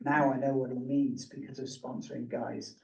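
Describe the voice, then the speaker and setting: A man's voice: mid-range voice, little pitch movement, normal speed, creaky, a little mellow, reverberant, distant mic, low-quality recording. A man speaking casually to a workshop group, engaging and self-deprecating, asking the audience to raise their hands. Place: meeting room with a live group.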